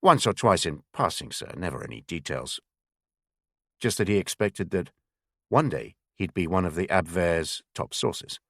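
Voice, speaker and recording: Guy doing a polite junior spy officer, careful answers, deep dry voice. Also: expressive, a little slow, no room sound, exaggerated voice. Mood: deferential. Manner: polite, deferential to superior. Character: younger male intelligence officer, deferential, careful.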